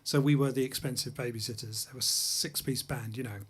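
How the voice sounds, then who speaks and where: Brief: male host from England, mid-pitched, chatty and self-deprecating, telling anecdotes between tunes in a studio. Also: steady tone, brisk, breathy edge. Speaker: host and jazz pianist-singer. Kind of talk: casual chat between songs on a livestream. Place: music studio.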